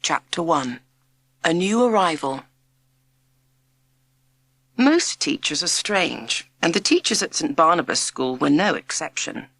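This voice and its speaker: A woman reading a children's storybook aloud in an expressive, measured narration. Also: low-pitched, no echo. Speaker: audiobook narrator.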